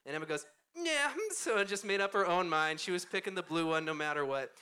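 A man in his thirties leads a relaxed, conversational sermon, talking close into his microphone from a church stage. His voice sits a little high and comes across bright and keen. He pokes fun at himself and slips into laughter between his stories. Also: fast talker, clean tone. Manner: chatty, self-deprecating, often laughing while talking. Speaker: pastor. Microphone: close handheld or stand microphone.

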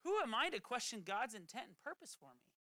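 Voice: medium pitch, very animated, brisk, bright, forceful tone, no room sound. A preacher giving a casual, chatty sermon that keeps slipping into quoted voices. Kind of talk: conversational sermon.

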